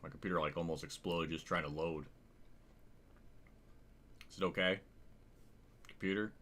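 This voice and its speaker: A man with a low, fairly bright voice livestreams a sim-racing game, commenting casually and rambling. He thinks aloud, often restarts his sentences, and swears now and then.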